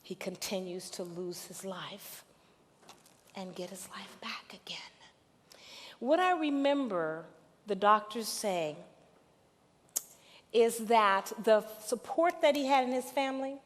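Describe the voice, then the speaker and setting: A middle-aged woman pastor preaching a sermon, moving from hushed storytelling to loud, emphatic call-and-response peaks. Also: on the high side, lively intonation, slow pace. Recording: reverberant hall recording.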